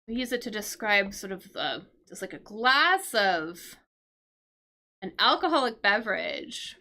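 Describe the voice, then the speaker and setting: A woman's voice: medium pitch, sing-song, a little slow, bright, forceful tone. A woman teaching English vocabulary on a live stream, explaining words patiently, checking in with "right?" and answering her chat.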